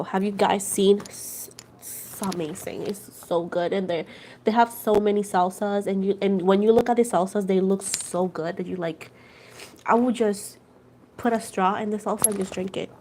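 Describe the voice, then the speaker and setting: A woman's voice: medium pitch, a little hiss or hum. A woman hosting a casual tarot livestream, chatting with viewers and going over each point twice. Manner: chatty, animated storytelling, repeats points a second time for viewers; addresses viewers as "guys" and "girl".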